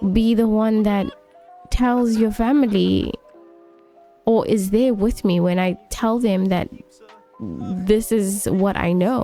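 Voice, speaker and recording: A woman's voice: mid-range voice, warm tone. A woman voicing a grim man set on exposing his father's killer, spoken earnestly in her own voice. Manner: earnest, retold in quotes. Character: grim man seeking the truth about his father's killing.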